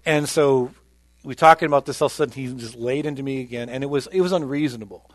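Here a pastor preaches at a quick pace, his mid-range voice moving between loud, emphatic lines and softer ones as he earnestly relates his testimony. The sound is dry.

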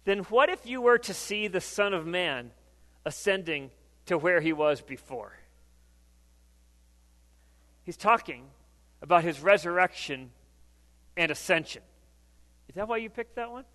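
The sermon comes from a pastor with a high, pushed, bright voice who is animated but a little slow, pausing often. He keeps it conversational by asking the congregation questions, and a long reverb places him in what sounds like a church sanctuary.

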